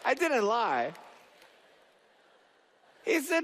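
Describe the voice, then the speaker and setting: A man's voice: fairly high pitch, animated, unhurried, a bit bright. A man giving a motivational talk on stage, telling a story animatedly and acting out the dialogue. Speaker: motivational speaker. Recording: reverberant hall.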